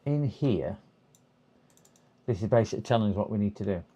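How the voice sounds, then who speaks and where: Low-voiced man thinking aloud. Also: expressive, a little fast, warm tone. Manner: thinking aloud, hesitant, reading instructions half to himself. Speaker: repair streamer. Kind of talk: casual live-stream chat. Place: repair workbench.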